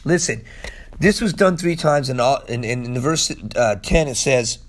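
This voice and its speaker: A man preaching a casual, energetic sermon as pastor, hoarse from allergies, chatty and excitable, laughing often and calling people "man". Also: mid-range voice, moderate pace.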